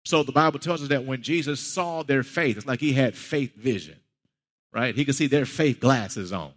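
A man's voice: medium pitch, normal speed, big-room sound. A man preaching a sermon as a pastor, talking conversationally and building to emphatic peaks.

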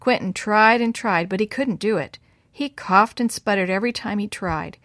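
A woman's voice: medium pitch, moderate pace, no room sound. Woman storyteller, children's story, dry close sound. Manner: lively voices for the boys' lines. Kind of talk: scripted storybook narration.

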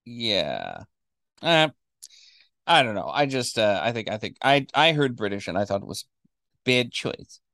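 Animated man chatting in a dry room. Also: medium pitch, measured pace, vocal fry, long pauses, dry recording. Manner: animated, acts out quoted characters. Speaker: podcast co-host. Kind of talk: casual chat.

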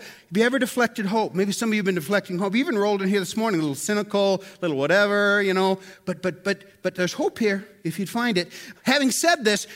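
A man's voice: sits high, fairly bright tone. A man preaching a sermon in a conversational way, often asking the listeners questions and repeating words as he goes. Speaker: pastor.

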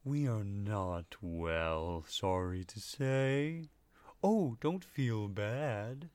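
A man voicing gentle floating creatures that eat thoughts, speaking very slowly and haltingly. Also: lowish voice, lively intonation, clean tone, no room sound. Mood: dreamy. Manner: very slow, drawn-out, halting delivery.

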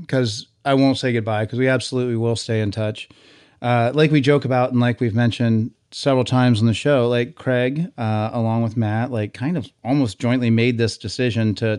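A man's voice: fairly low pitch, darkish tone, smooth, no echo, studio quality. A man hosting a podcast in casual chat, rambling with lots of fillers. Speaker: podcast host.

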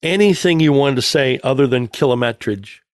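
A man's voice: medium pitch, animated, a little fast, dry recording, clean studio sound. A man co-hosting a car podcast, joking at his own expense and laughing often. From United States. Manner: jokey, self-mocking, laughs a lot. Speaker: podcast co-host. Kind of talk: casual chat. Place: podcast studio.

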